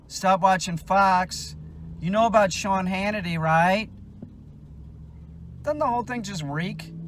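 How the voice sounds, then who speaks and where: A man's voice: a little high, a little hiss or hum. A man giving an unscripted, heated rant, rambling and swearing, with many restarts. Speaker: dog trainer ranting on his channel.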